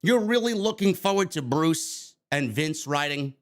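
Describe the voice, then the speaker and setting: A man's voice: on the high side, animated, unhurried. A man with a New York accent hosting a wrestling review show, ranting in a heated, profane, sarcastic way. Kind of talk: ranting commentary.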